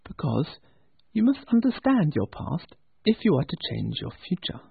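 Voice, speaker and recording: A man voicing a childlike spirit, speaking softly and gently, a little higher than his own voice. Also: wildly swooping pitch, moderate pace, gravelly, slightly rough, no echo, heavily acted. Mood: gentle. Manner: soft and gentle. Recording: tinny phone-like dry sound.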